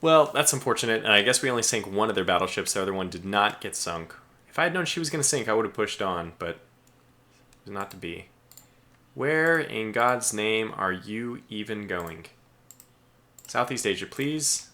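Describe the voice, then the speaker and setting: A man giving live gameplay commentary as a streamer, chatty and excitable, talking aloud to the ships he commands. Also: fairly low pitch, moderate pace.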